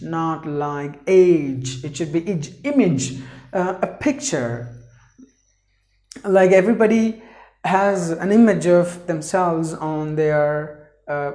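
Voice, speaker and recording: A man teaching English pronunciation, breaking words into syllables and repeating them deliberately. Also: on the high side, a little mellow, roomy sound. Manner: repeats words for emphasis, many fillers. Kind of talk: pronunciation lesson.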